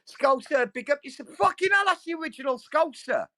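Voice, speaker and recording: A man chatting casually on a livestream from home, crude and mocking, swearing constantly, with sudden loud outbursts. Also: very high-pitched, animated, fairly quick, dry recording. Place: at home with dogs nearby.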